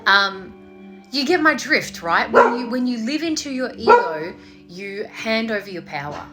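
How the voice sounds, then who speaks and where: A woman's voice: fairly high pitch, animated, a little slow, over loud music. A woman meditation teacher in a casual, playful talk, swearing freely and acting out voices before guiding a meditation.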